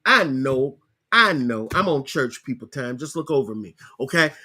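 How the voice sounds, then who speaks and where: A man hosting a podcast, casually walking viewers through a screen-share tutorial, repeating himself and spelling things out slowly. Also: medium pitch, sing-song, bright, forceful tone, slightly rough. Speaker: podcast host.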